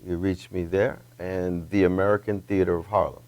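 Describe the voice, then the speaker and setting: A man guest, an artist and musician, speaking in a low-key, halting way and spelling out details slowly. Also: little pitch movement, darkish tone. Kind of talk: casual chat.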